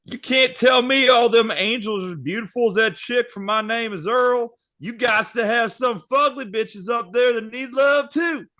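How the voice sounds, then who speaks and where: A man's voice: very high voice, moderate pace, few pauses, pushed and bright, voice pushed up. A man putting on a dim, crude redneck guy. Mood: goofy.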